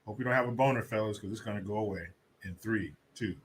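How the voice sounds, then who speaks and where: A man's voice: lowish voice, quick pace, slight background noise. A man doing a profane, mocking video commentary, casual and scornful. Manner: casual storytelling with fillers. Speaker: vlogger.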